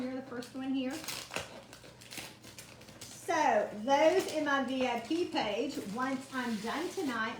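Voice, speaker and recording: A woman's voice: fairly high pitch, background noise. A woman chatting through a live craft demonstration, greeting viewers by name from her home kitchen. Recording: echoey kitchen, faint ambience.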